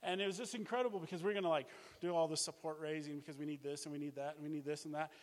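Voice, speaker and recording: A middle-aged man tells a preaching testimony as a missions base director, animated and full of exclamations. His voice sits a little on the high side. The sound carries a long reverb from a church hall. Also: racing. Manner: animated storytelling with laughs and exclamations.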